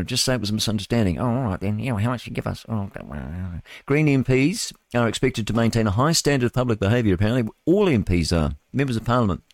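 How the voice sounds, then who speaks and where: A man's voice: lowish voice, dry recording. A male radio host, reading news items and adding rambling, mocking commentary with chuckling asides. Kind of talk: solo talk radio commentary.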